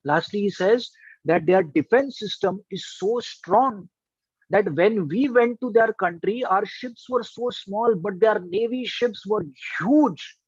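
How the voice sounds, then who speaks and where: A man, a trainer telling students a story in an emphatic, animated way. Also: high voice, slow pace, slightly rough, no echo, dull audio. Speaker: trainer and life coach.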